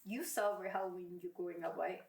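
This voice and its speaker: A woman's voice: lowish voice, steady tone, fast, vocal fry, a little mellow, reverberant. A woman co-hosting a podcast in casual chat, laughing often and reacting with short remarks. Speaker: podcast co-host.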